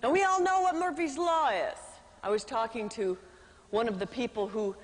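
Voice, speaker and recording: A woman's voice: fairly high pitch, normal speed. A woman giving a speech to a live audience, telling a dramatic story with acted-out voices. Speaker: motivational speaker. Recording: reverberant hall.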